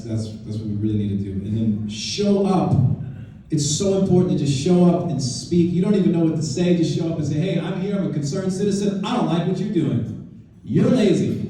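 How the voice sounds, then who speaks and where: A man's mellow, medium-pitched voice comes through a distant mic in a very echoey meeting room at a club event. He is guest speaker at a political club, talking informally in a conversational, emphatic way and often restarting sentences.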